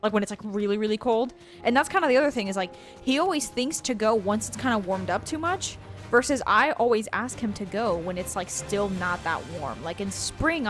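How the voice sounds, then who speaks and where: A woman co-hosting a let's play, telling a long rambling story in casual chat while gaming. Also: mid-range voice. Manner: rambling storyteller, heavy use of "like". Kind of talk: casual chat over gameplay.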